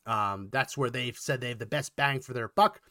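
Bright, animated male podcast host. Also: medium pitch, no echo, studio quality. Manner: animated, gets worked up, quick asides. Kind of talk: political commentary podcast.

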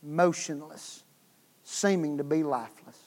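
High-pitched preacher in a reverberant hall. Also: male voice, a little slow. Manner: swings from hushed to shouted, repeats words. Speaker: guest preacher. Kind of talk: revival sermon storytelling. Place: church sanctuary.

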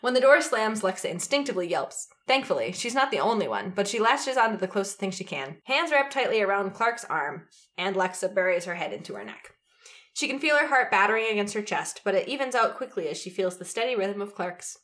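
A woman reads a story aloud on a podcast in an easygoing, lively way. Her voice sits at a middle pitch, and she laughs readily between lines. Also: brisk. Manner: lively, laughs easily, stops to fix misread lines. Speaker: podcast co-host reading fan fiction aloud.

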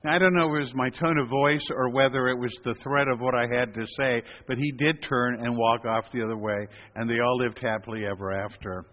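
A priest delivers a sermon, telling stories unhurriedly with gentle humor in a mid-pitched voice with fairly even intonation. A long echo from a large hall surrounds him, and the recording sounds dull and lo-fi.

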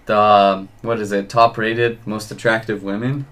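A man's voice: on the low side, flat delivery, moderate pace, fairly bright tone. A man from Texas hosting a podcast, swearing and laughing through casual crude banter. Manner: profane, laughs often. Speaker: podcast host.

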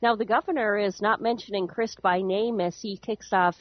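A woman's voice: mid-range voice, fairly even intonation, normal speed, highs cut off, noisy background. A woman co-hosting a morning radio show, chatting and reading the news. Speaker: radio co-host and news reader. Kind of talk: casual banter and news reading.

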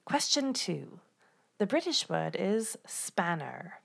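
A woman co-hosting a podcast who asks the quiz questions, brisk and matter-of-fact. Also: lowish voice, sing-song, creaky, husky. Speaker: podcast co-host, quizmaster. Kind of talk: casual quiz chat.

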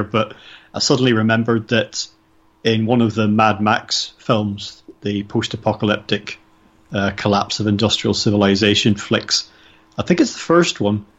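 Low-voiced host on dull audio. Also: male voice, a bit bright. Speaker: podcast host. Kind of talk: interview questions and reflections.

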